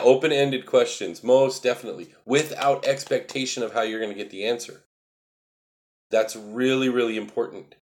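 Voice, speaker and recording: A man hosting a casual livestream, explaining spiritual ideas in an earnest, repetitive, emphatic way and answering viewer chat. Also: lowish voice.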